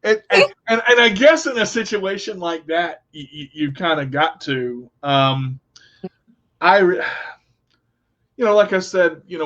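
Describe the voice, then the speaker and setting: A man's voice: fairly high pitch, fairly bright tone, highs cut off. Stammering, joking man hosting a radio show. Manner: stammering restarts, joking storyteller. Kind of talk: casual conversation.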